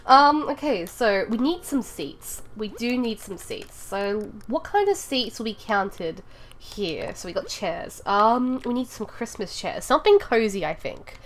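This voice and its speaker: A woman's voice: medium pitch, expressive, normal speed, fairly bright tone. A woman streaming from her room, chatting casually with viewers and thinking aloud as she builds in a game, rambling and giggly. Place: home room.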